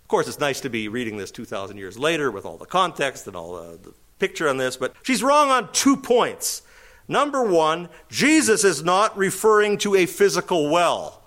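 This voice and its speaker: A male pastor delivers a sermon with a high, bright-sounding voice. His pitch swings widely as he teaches, leaning on emphatic pauses and slipping in quick laughs.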